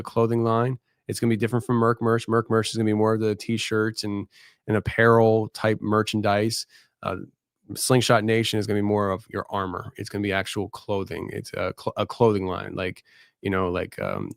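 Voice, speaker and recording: A tired man hosting a late-night live show, talking in a halting, rambling, candid way. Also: fairly low pitch, clean tone, no room sound, studio quality. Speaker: podcast host.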